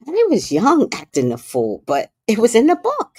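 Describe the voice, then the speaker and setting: A woman hosting a livestream, telling a story in a casual, animated way, with hushed asides and loud, profane outbursts. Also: on the high side, moderate pace, husky, no room sound. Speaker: livestream host.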